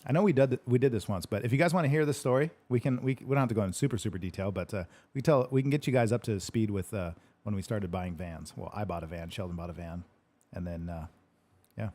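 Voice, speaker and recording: A man's voice: fairly low pitch, quick pace, dark tone. A man hosting a casual livestream Q&A, joking, laughing often and swearing freely. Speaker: livestream Q&A host. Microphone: livestream microphone.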